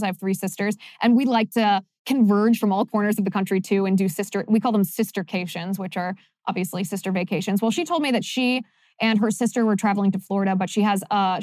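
A woman's voice: mid-range voice, fast, darkish tone, dry recording, clean studio sound. A young woman hosting a podcast, delivering an opinionated monologue in a sarcastic, emphatic way. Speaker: podcast host.

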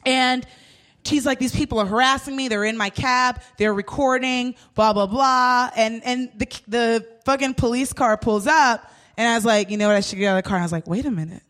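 A lively young woman chatting casually, her voice sitting a little high. She swears freely and acts out every line of dialogue in her story, leaping up in pitch for the punchlines. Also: a little fast. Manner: animated, swears freely, acts out quotes with big pitch jumps.

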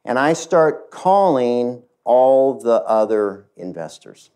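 A middle-aged man, a company chief, tells a story from his career to an audience, lively and speaking straight to the listeners. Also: mid-range voice, slow pace, clear, resonant tone. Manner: animated, addresses the audience directly. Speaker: CEO giving a talk. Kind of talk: storytelling keynote talk.

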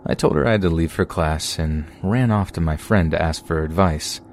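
A man with a very low, deep voice narrates a true scary story in a steady, measured way. His scripted first-person reading has a faint hiss of noise underneath. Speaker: podcast narrator.

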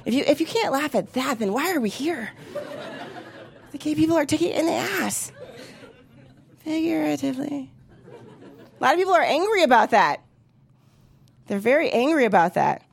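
A woman's voice: high-pitched, animated, moderate pace, vocal fry, long pauses. A woman in her thirties doing a profane, brash stand-up comedy set on a club stage, acting out the voices of other people. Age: 30s.

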